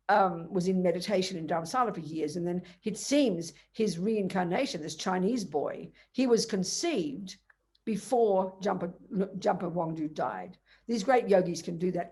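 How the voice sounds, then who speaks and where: Older female dharma teacher, animated and emphatic, speaking casually to a retreat audience. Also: on the low side. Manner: animated storytelling with emphatic asides. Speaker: Buddhist teacher.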